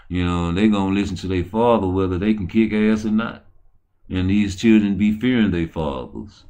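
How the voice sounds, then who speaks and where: A man's voice: lowish voice, a little mellow. A man hosting a boxing commentary rant, rambling and peppering his talk with "you know" and "man". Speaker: host.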